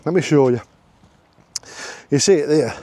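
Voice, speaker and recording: A middle-aged Yorkshireman with a fairly high, warm voice speaks at a measured pace, recorded dry. He's vlogging casually from a campsite outdoors, filming himself on a handheld phone, cracking jokes, laughing often and repeating his phrases in a chatty way.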